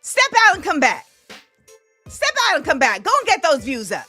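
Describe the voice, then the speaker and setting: A woman hosting a casual livestream, greeting her viewers in an animated, hyped-up way. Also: high voice, moderate pace, soft background music. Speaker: host.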